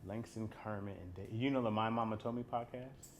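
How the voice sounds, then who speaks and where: A man's voice: fairly low pitch, brisk, slight background noise. A man co-hosting a comedy podcast, firing off teasing questions and ribbing the others in casual chat. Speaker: podcast co-host.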